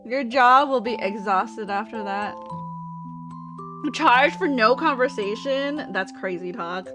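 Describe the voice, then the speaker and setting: A woman's voice: on the high side, slow pace, music in the background. A woman streamer in casual chat with her viewers, talking while she eats. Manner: chatty, talks while eating.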